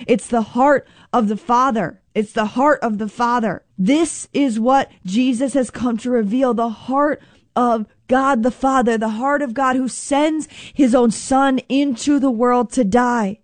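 A woman's voice: a little high, darkish tone, no room sound. A woman preaching a sermon in an earnest, emphatic way, repeating phrases for stress and reading scripture aloud.

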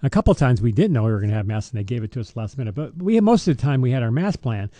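A man's voice: mid-range voice, big pitch swings, rapid-fire, dark tone, no echo. A man, a deacon, chatting casually about scripture and parish life, telling stories and laughing often. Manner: storytelling, laughs often, restarts sentences. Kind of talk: casual faith podcast chat.

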